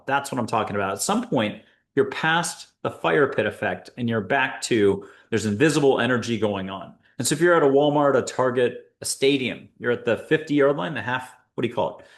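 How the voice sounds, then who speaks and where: A man hosts a guided spiritual talk, speaking straight to his listeners. He keeps the tone playful and upbeat, slipping in jokes and quick asides. His voice sits at an ordinary middle pitch for a man. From United States. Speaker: host and angel intuitive.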